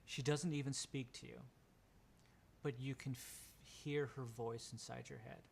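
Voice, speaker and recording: A man in a middle register narrates as game master, setting scenes at length and filling his pauses with "um". A faint rumble hums behind him. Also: fairly even intonation, gravelly. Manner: descriptive, with many fillers.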